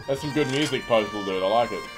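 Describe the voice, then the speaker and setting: A man's voice: medium pitch, quick pace, rough recording. Sweary man streaming a shooter. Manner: casual, sweary, yelps when things go wrong. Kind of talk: live gameplay commentary. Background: game music and gunfire.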